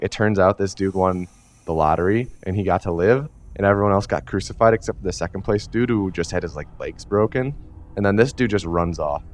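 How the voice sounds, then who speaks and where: A man giving a rambling, comedic retelling from memory, full of fillers and casual swearing. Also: low voice. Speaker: storyteller. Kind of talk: rambling comedic recap of a video game from memory.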